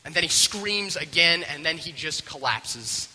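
A man's voice: fairly high pitch, a little slow, slightly rough, long reverb tail, poor audio. A man animatedly retelling a film scene, acting out the characters as he goes. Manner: expressive, acts out the characters' voices. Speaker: storyteller.

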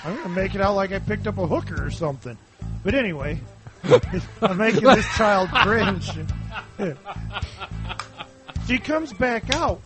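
A man's voice: high-pitched, expressive, measured pace, pauses often, music in the background. A man co-hosting a podcast, telling crude jokes and a rambling family story in casual chat. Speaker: podcast co-host.

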